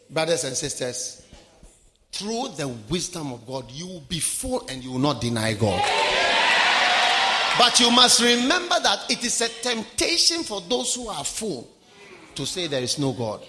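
Preacher in a reverberant hall. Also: male voice, sits high, huge pitch swings, a little slow, a little hiss or hum. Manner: dramatic swings from shouts to hushed asides. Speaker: pastor. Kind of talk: sermon.

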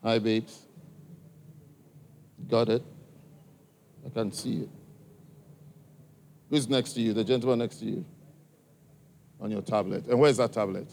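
A man's voice: fairly low pitch, fairly even intonation, a little slow, pauses often, a little mellow, slight background noise. A man with an African accent speaking live to a church congregation, directly and coaxingly quizzing people in the crowd. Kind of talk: live address to an audience. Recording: long reverb from a large hall.

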